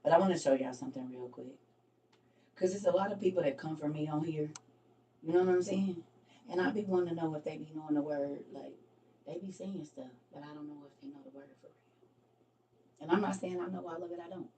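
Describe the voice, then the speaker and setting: A woman's voice: low voice, brisk, dark tone, slight background noise. A middle-aged woman hosting a casual Bible study livestream, chatty and teasing, laughing often. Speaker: livestream host. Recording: voice from a distance from the mic.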